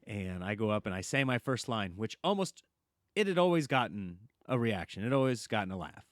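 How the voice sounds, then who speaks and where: A man, a comedian guest on a podcast, telling a long story in a lively, casual way and acting out the quotes. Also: fairly low pitch, a little fast, dry recording, studio quality. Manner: animated storyteller, acts out quotes, laughs often.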